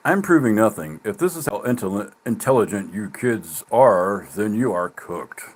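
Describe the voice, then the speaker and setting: A man livestreaming, ranting at his chat in a mocking, profane way, laughing often and swinging from loud jabs to low muttering. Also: lively intonation, normal speed.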